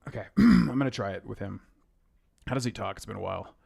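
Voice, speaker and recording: A man's voice: lowish voice, lively intonation, quick pace, vocal fry, warm tone, slightly rough. A young man giving casual, rambling gameplay commentary as a streamer, humming and scatting to himself between thoughts. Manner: chatty, rambling, hums and scats to himself. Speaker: game streamer. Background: game music.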